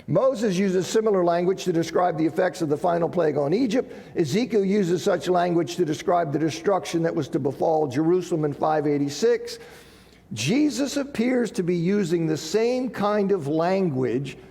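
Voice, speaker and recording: High-voiced gravelly preacher in a reverberant hall. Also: male voice, expressive, normal speed, dark tone. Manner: conversational, checks in with 'okay', reads scripture quotes with rising emphasis. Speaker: preacher teaching a Bible class. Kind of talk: sermon-style Bible teaching.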